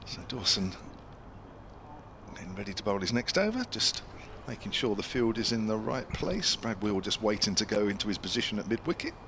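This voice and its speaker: A man calls a cricket match live from an outdoor ground, his voice sitting fairly low. He talks in a chatty way, tossing asides to his partner between deliveries. There is audible noise over the outdoor broadcast audio. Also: very animated, a little fast, gravelly, pushed and bright. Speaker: cricket commentator. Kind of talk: live sports commentary.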